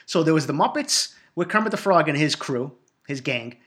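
A man's voice: on the high side, animated, normal speed, fairly bright tone. A man, hosting a solo podcast in a rambling, profane, hyped-up way. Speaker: podcast host. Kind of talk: solo casual monologue.

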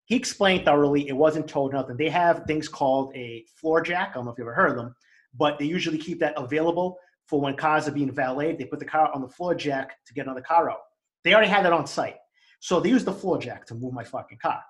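A man with a Boston accent tells a story at a rapid clip, his voice sitting a little high for a man. He talks in a heated, profane rush, acting out both sides of the exchange. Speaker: co-host telling a story. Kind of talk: casual storytelling chat.

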